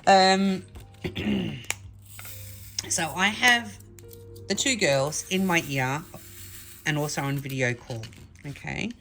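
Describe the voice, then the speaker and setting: A woman's voice: lowish voice, slow, vocal fry, pauses often, faint music behind. A middle-aged woman hosting a craft vlog, telling a funny story to camera in a chatty, laughing way. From Australia. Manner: chatty, laughing, animated retelling. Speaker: craft channel host.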